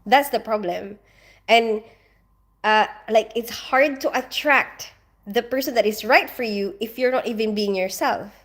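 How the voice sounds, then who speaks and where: A young Filipino woman hosts a casual livestream, chatting, laughing often, reading comments aloud and greeting viewers by name. Her voice is on the high side and a little bright, with a measured pace.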